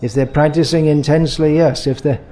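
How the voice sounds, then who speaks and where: A man teaching in a question and answer talk, his voice mellow and a touch higher than most. He explains in a measured way and often restarts his sentences as he works a point through. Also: steady tone.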